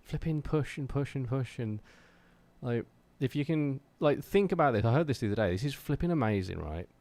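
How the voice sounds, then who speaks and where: A man's voice: medium pitch, animated, brisk, a little mellow. A man with an English accent chatting casually on a live stream, telling stories to his chat and urging viewers to keep going with their creative goals. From England. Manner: rambling, earnest and motivational, many fillers.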